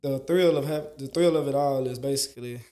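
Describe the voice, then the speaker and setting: This is a man who coaches and mentors young basketball players, sitting down for a relaxed interview. He speaks in a middle register with slangy, easy phrasing, and he circles back over the same words whenever a story gets good. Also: medium pitch, fairly quick. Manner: animated storyteller, repeats phrases for emphasis, slangy. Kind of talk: casual interview talk.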